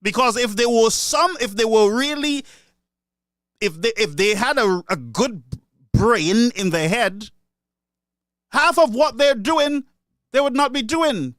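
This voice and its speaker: Caribbean guy, really high voice, fired up and ranting about politics, dry close sound. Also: lively intonation, slow pace, pauses often, fairly bright tone, no room sound. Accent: Caribbean English. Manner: indignant, ranting, repeats himself. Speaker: political commentator. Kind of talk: solo opinion monologue.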